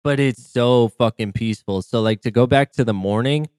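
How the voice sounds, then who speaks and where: A man's voice: mid-range voice, normal speed, a little mellow, clear, resonant tone, dry recording, clean studio sound. A man co-hosting a casual podcast, laid-back and teasing, swearing as he recalls a hunting morning. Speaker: podcast co-host. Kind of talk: casual storytelling chat.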